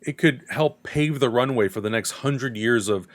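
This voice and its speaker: A man's voice: medium pitch, moderate pace. A man hosting a casual fan discussion, talking enthusiastically and a little rambling before signing off to viewers. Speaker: podcast host.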